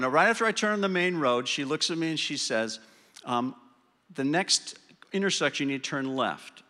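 A man telling a self-deprecating story from the pulpit, his voice bright and forward. The sound carries a long reverberant tail from a church hall. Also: on the high side. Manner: storytelling, self-deprecating, slows and softens for the lesson. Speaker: church speaker sharing a story. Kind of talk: sermon story.

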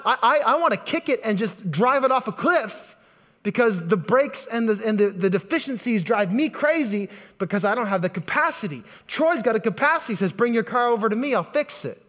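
High-voiced animated male preacher. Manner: animated, conversational, repeats words while building to points. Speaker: pastor. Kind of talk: sermon.

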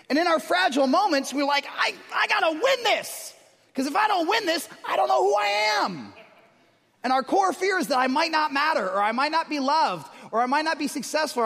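A man preaching a sermon as pastor, animated, moving from loud storytelling to hushed emphasis. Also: very high-pitched, big-room sound.

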